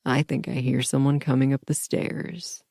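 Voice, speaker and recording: A woman voicing a commanding, dominant grown man in an audiobook romance, speaking in a low, domineering murmur. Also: little pitch movement, normal speed, vocal fry, dark tone, no echo, studio quality, full character voice.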